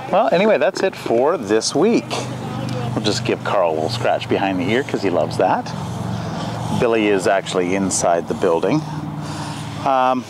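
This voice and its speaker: Easygoing farm man, lively voice. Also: lowish voice, normal speed, pauses often, noisy background. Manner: soft coaxing talk to the animals, loud calls to the herd. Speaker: farm owner showing his animals. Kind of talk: casual vlog talking to camera and animals. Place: outdoors on a small farm.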